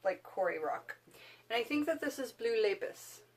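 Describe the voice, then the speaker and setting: A woman's voice: fairly high pitch, lively intonation, normal speed. A woman hosting a witchcraft video, chatting casually to camera in a rambling way with lots of fillers.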